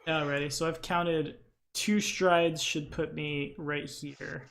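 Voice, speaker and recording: A man playing a tabletop role-playing game, chatty and excitable, who reads rules aloud quickly. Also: a little high, vocal fry. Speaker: player. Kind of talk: tabletop game play over voice chat.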